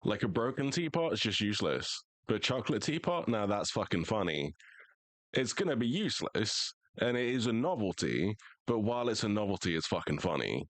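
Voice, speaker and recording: A young American man streams a game and banters casually, swearing freely as he jokes. His voice sits a little low but swings widely in pitch. The sound is dry and close, with no room echo. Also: big pitch swings, fairly quick. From United States. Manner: profane, joking banter. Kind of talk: casual live gaming chat.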